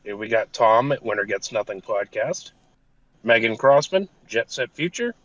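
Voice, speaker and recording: A man's voice: mid-range voice, animated, moderate pace, fairly bright tone, no room sound. Male podcast co-host, casual and profane, slightly muffled dry recording. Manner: swears casually, reads off a thank-you list.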